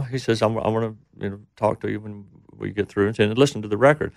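A man's voice: fairly low pitch, fast talker, vocal fry, no room sound, clean studio sound. A middle-aged man telling a rambling story in casual talk, acting out the voices of the people he quotes. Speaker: interview guest.

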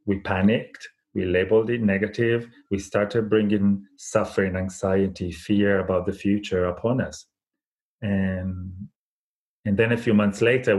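A man's voice: on the low side, a little mellow. A man speaking as an interview guest, telling a folk parable in a thoughtful, reflective way with frequent restarts. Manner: thoughtful, many restarts and fillers. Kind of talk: reflective conversational storytelling.

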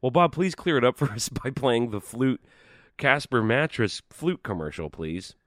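A man's voice: medium pitch, very animated, moderate pace, fairly bright tone, no echo, studio quality. A man hosting a podcast, teasing his guest playfully and reading listener emails, with a slight lisp. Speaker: podcast host. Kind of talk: casual podcast chat.

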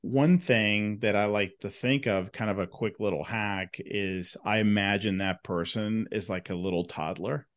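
A man's voice: measured pace, few pauses. A man hosting an interview podcast, speaking casually with lots of filler phrases. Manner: casual, lots of "you know", lively swings in pitch. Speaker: podcast host. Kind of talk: conversational interview.

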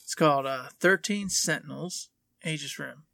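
A man's voice: on the high side, normal speed, vocal fry, pushed and bright, no echo. A man co-hosting a podcast in casual chat, easygoing and mock-stern at times. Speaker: podcast co-host.

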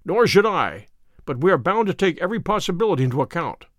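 A man voicing a brilliant, dreamy, self-assured male detective in a measured, lightly wry manner, as part of an audiobook. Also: sits high, sing-song, no room sound. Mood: musing. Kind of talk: audiobook character reading.

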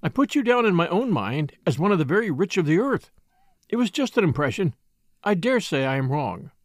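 A man reading aloud, voicing a calm, sensible country woman who works as a paid companion and speaks in a polite, measured way. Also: high voice, no room sound, clean studio sound.

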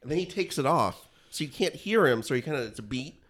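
A man's voice: mid-range voice, animated, fast, a bit bright. A man in casual chat, telling wry anecdotes in a storytelling manner.

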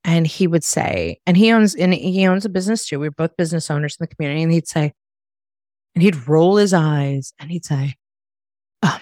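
A woman's voice: low-pitched, moderate pace, no echo, clean studio sound. A middle-aged woman hosting a podcast, chatting casually and acting out the voices of people in her stories. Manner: animated storyteller, acts out quoted voices. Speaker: podcast host. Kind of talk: casual chat.

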